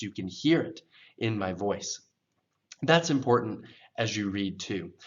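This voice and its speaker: A man teaching English pronunciation, explaining slowly and reading scripture lines aloud with expressive intonation as examples. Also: on the low side, highs cut off.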